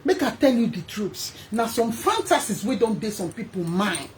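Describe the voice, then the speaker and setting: A woman with a Nigerian accent hosting her own vlog, talking straight to her viewers in an emphatic, animated way. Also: mid-range voice, moderate pace, a little hiss or hum. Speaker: host. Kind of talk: casual vlog monologue.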